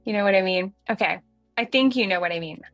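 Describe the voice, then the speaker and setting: A woman in her thirties with a light Southern accent, hosting a casual software tutorial in a chatty, folksy way. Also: medium pitch, fast, dry recording, faint music behind. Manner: chatty and folksy, says y'all, laughs at herself. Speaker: livestream host demonstrating software.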